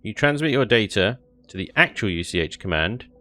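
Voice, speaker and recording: Rambling and frequently laughing, a man streams a space game with casual commentary over faint background music. He speaks a little fast in a lowish voice with lively intonation, pushed and bright.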